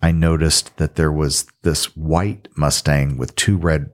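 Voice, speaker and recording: A man from the American South, a film director as guest, telling animated stories in casual conversation in a podcast studio. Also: very deep voice, takes it slowly. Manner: animated anecdote-teller, trails off and restarts. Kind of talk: casual storytelling in an interview.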